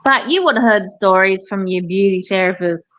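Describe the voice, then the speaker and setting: A woman, a hairdresser chatting casually and telling animated stories, with plenty of swearing. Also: medium pitch, moderate pace, lo-fi sound. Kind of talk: casual chat.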